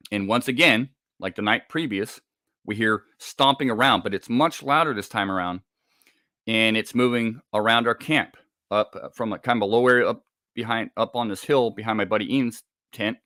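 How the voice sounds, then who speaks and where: A middle-aged man from Scotland telling a personal story in a halting, casual way, repeating words as the tension builds. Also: mid-range voice, a bit bright, dry recording, studio quality. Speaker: guest telling an encounter story.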